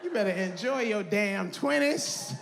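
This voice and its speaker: A woman, doing stand-up and shouting brashly at the audience. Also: medium pitch, lively intonation, unhurried, vocal fry. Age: 50s. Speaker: stand-up comedian. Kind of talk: stand-up comedy. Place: large live comedy venue. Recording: echoey hall, roaring live crowd, noisy.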